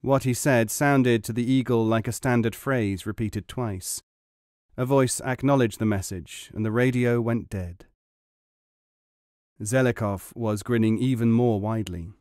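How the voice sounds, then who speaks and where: A male audiobook narrator with a measured, even delivery. His mid-pitched voice is recorded close and dry, with no room sound. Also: clean tone, no echo.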